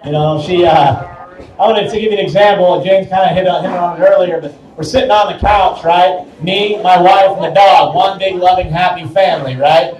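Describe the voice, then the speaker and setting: A man's voice: sits high, fairly even intonation, brisk, a little mellow. A young man doing a crude, self-mocking stand-up set in a small bar. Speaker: stand-up comedian. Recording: echoey bar from far off.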